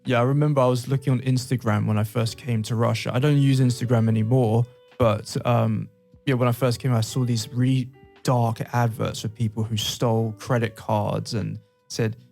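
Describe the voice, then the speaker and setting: A man's voice: mid-range voice, level tone, moderate pace, creaky, darkish tone, faint music behind. A British man from England co-hosting a podcast, telling stories in casual chat with frequent laughter and asides. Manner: laughs often, storytelling with asides. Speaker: podcast co-host.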